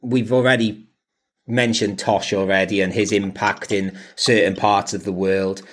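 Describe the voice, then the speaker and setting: A man's voice: lowish voice, level tone, unhurried. Chatty rambling male podcast co-host. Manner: rambling, lots of fillers and restarts, laughs often. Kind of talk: casual chat.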